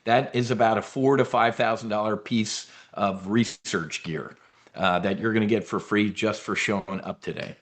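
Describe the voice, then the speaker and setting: A man's voice: on the low side, steady tone, moderate pace. A middle-aged man hosting a live trading webinar, brash and blunt, swearing now and then and using military slang.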